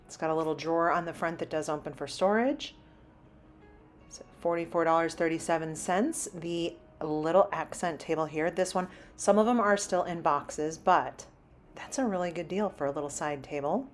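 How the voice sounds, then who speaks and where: Inside a big home improvement store, a woman hosts a shopping vlog, her low voice moving at a normal speed over faint background music. She browses and chats casually, listing prices along the way.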